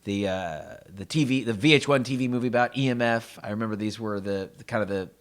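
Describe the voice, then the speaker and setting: Male comedian guest, casual animated storyteller, rambling delivery. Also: lowish voice, fast. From Los Angeles. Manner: rambling, animated, acts out quotes.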